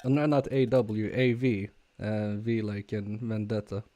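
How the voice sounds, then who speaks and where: A man casually chatting with viewers on a live stream while repairing a game controller, talking haltingly with fillers and restarts. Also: fairly low pitch, steady tone, dark tone. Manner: halting, many fillers and restarts, chuckling asides. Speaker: repair livestreamer.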